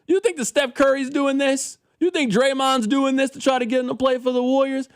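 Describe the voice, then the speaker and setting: A man co-hosting a casual sports talk radio show, riffing in an animated, incredulous, slangy way into a studio microphone. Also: very high-pitched, fairly quick, dry recording.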